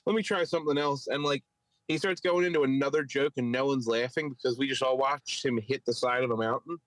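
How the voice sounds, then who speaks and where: A man's voice: mid-range voice, steady tone, a little fast, no echo, low-quality recording. A man with a Philadelphia accent, a podcast co-host and stand-up comic, telling a story in casual chat and mimicking others in raised voices. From Philadelphia area.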